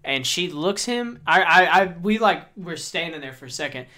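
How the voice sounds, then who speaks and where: A young man co-hosting a casual podcast chat, telling stories with lots of swearing and loud acted-out quotes. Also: on the high side, moderate pace. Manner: animated storyteller, swears a lot, acts out quotes loudly. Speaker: podcast co-host.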